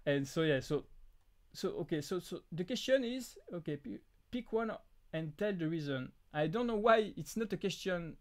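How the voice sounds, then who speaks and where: A man with a French accent, French as his first language, hosting a live prop-making Q&A in a halting way, with many restarts and fillers. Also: high voice, lively intonation, darkish tone. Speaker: prop-making channel host. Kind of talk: live stream Q&A chat.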